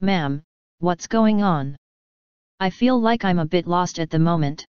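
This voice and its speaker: A woman's voice: lowish voice, lively intonation, a little slow, smooth, no echo, lo-fi sound. A woman voicing a polite male guard who answers respectfully and deferentially.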